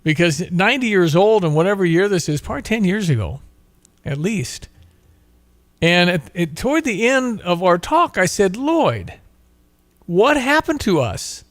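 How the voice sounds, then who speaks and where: A man's voice: high voice, very animated, normal speed, fairly bright tone, no echo, studio quality. Earnest, moralizing male talk show host.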